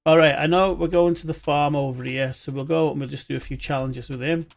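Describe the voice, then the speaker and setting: A man's voice: fairly high pitch, fairly even intonation, fairly quick, creaky. A man with a voice sitting a touch above the usual male range talks through a game live. His commentary is chatty and meandering, full of jokey asides. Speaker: streamer.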